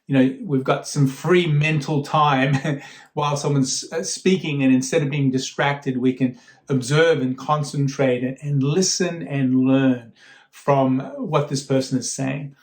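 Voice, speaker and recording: A man's voice: medium pitch, steady tone, a little slow. Conversational male preacher in an echoey room. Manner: conversational, warm storytelling with frequent fillers and repeated starts. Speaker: guest speaker. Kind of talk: sermon.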